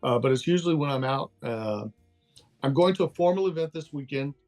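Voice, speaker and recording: A man's voice: fairly high pitch, lively intonation, fairly quick, darkish tone, faint music behind. An older man from Texas, a guest in a casual interview, talking candidly and laughing easily. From Texas, USA. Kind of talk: casual interview over a call.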